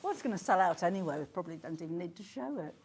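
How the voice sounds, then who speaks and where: A woman presenting a live TV shopping show, excitable and quick to gasp and exclaim as items sell. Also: fairly low pitch, slight background noise. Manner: excitable, gasping and exclaiming over sales. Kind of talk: live TV selling. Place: TV studio.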